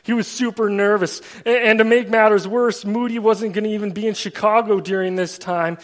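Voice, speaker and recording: A man with a high voice preaches in a relaxed, chatty manner, telling the story as if talking to friends. His words ring out with a long reverb, as in a large hall. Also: brisk. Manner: casual storytelling with fillers like "like" and "kind of". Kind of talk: conversational sermon.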